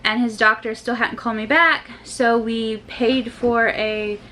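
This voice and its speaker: A woman's voice: on the high side, level tone, measured pace, pushed and bright, a little hiss or hum, poor audio. A young woman and mother talking casually to her viewers in a family vlog, chatty and full of loose asides. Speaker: vlogger and mother.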